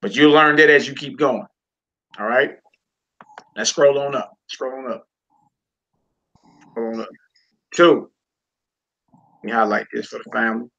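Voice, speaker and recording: A man teaching a Hebrew reading class in a relaxed, informal way, talking to students while he works the screen. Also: mid-range voice, measured pace, gravelly, long pauses. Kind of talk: casual online class lesson. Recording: lo-fi recording.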